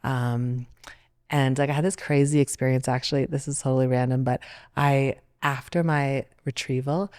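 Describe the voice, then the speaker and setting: A Canadian woman in her thirties, a guest telling her story in a casual panel talk, with many fillers and animated turns. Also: extremely low pitch, normal speed, smooth. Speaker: interview guest, Olympic athlete.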